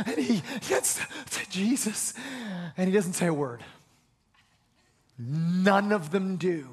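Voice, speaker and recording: A man preaching a sermon, animated, repeating key phrases and leading his congregation in call-and-response. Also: very high voice.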